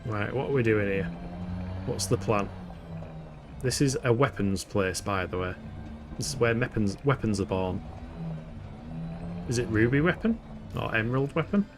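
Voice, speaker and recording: A man's voice: fairly low pitch, expressive, normal speed, pauses often. A man giving chatty live commentary as he streams a game, often swearing, laughing and poking fun at himself. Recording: game music playing underneath. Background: game music.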